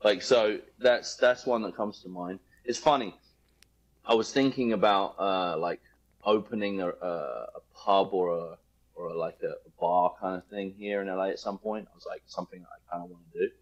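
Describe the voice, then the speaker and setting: A man's voice: low voice, moderate pace, highs cut off. A man chatting as a podcast guest, rambling loosely, joking and swearing freely. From United Kingdom. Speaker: guest, home builder. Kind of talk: casual podcast interview.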